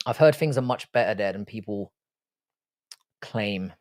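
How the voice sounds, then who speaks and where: With a lowish, slightly mellow voice and a measured pace, this livestream host answers his chat bluntly, sarcastically and with plenty of swearing. He is a young Irish-born man raised in London, and his accent is London English.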